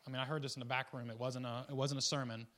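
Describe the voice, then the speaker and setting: Bright-voiced man preaching an informal sermon. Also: racing. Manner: rambling and conversational, with frequent restarts and asides; swings between loud, excited bursts and quiet, low asides. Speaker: guest preacher.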